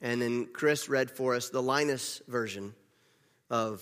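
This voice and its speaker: A man's voice: medium pitch, measured pace, a bit bright. A male pastor giving a conversational sermon, repeating phrases for emphasis. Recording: long reverb of a large hall.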